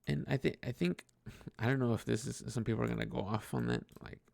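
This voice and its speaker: A man's voice: medium pitch, fairly quick, gravelly, darkish tone, no room sound, studio quality. A young man talking casually and openly to himself, rambling with many restarts and frequent laughs. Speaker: podcast host. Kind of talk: casual personal monologue.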